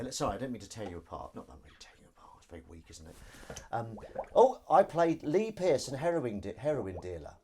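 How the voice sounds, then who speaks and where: A man's voice: medium pitch, a little mellow, a little hiss or hum. A middle-aged man, chatting casually on a live stream while washing up, reading comments aloud and laughing along. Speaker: live stream host and actor.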